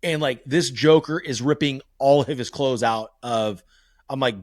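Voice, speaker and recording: A man hosting a podcast, talking candidly and telling family stories in an animated way, swearing freely. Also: mid-range voice, measured pace, no room sound, clean studio sound. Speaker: podcast host. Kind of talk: casual podcast conversation.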